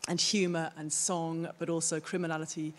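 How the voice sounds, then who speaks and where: A woman's voice: sits low, little pitch movement, normal speed. A middle-aged woman giving a conference talk about her own art, thoughtful and searching for the right words. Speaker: artist presenting her work. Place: theatre stage.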